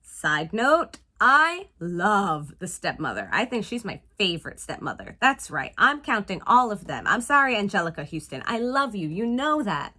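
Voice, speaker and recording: A woman hosting a casual, playful film review show and chatting in an animated way. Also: mid-range voice, moderate pace, hardly any pauses. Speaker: host.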